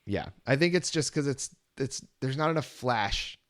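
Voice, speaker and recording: A man co-hosting a music podcast, talking in a relaxed, rambling way in casual chat. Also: medium pitch, moderate pace, no room sound, studio quality. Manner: relaxed, rambling, many "you know" fillers. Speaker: podcast co-host.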